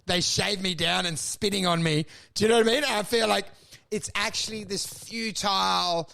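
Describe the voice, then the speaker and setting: High, gravelly man ranting. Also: fairly even intonation, normal speed, pushed and bright. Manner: absurd, self-deprecating storytelling. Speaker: podcast co-host. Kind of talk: comedic podcast rant.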